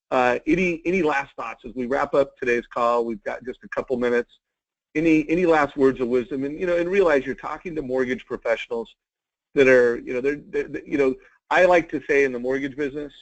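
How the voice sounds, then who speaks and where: A man's voice: mid-range voice, lo-fi sound. A man hosting an interview on a call, speaking with enthusiasm and many fillers. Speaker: interview host. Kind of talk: interview host wrap-up. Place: call or webinar.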